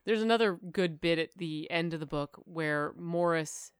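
A woman co-hosting a casual book podcast, relaxed and affirming as she chats. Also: fairly low pitch, normal speed, smooth, no echo, clean studio sound. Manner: relaxed, frequent affirming listener. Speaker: podcast co-host.

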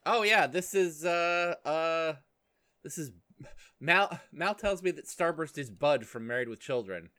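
Sarcastic man rambling with a bright voice. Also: fairly high pitch, lively intonation, measured pace. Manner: sarcastic, rambling with many fillers. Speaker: podcast co-host. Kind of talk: casual chat recapping a cartoon.

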